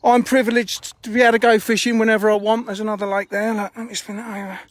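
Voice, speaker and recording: A man's voice: sits high, little pitch movement, quick pace, dry recording, studio quality. A man chatting bluntly on a phone live stream while walking around his fishing lakes outdoors, a bit out of breath and swearing casually. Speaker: fishery owner streaming live.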